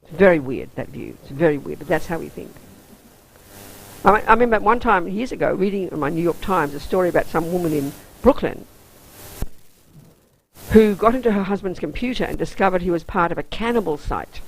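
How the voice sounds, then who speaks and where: A woman's voice: fairly low pitch, animated, fairly quick, creaky, slight background noise, rough recording. An Australian woman, a Buddhist nun, teaching a weekend course in an intense, emphatic, down-to-earth way.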